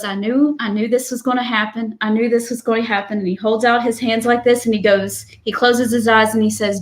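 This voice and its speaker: A woman co-hosting a wrestling podcast, recapping a match in animated, chatty storytelling. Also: mid-range voice. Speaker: podcast co-host. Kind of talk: casual chat.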